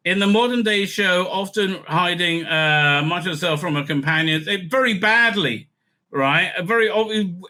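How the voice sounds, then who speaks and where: A male online commentator reading an article aloud and cutting in with scornful, profane remarks. His voice is sharp and very bright, sitting slightly high for a man. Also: fairly quick.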